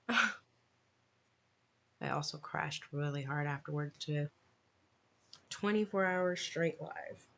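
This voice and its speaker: Lower-voiced woman chatting on her stitching livestream, laughs at herself a lot, kinda mutters while working. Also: takes it slowly, pauses often, fairly bright tone, a little hiss or hum. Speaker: cross-stitch livestream host.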